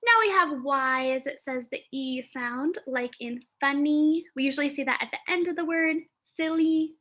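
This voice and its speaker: A woman's voice: high voice, a bit bright. A woman teaching a phonics lesson to young children, sounding out letters and words with careful enunciation and thinking aloud as she goes. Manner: thinks aloud with pauses and fillers.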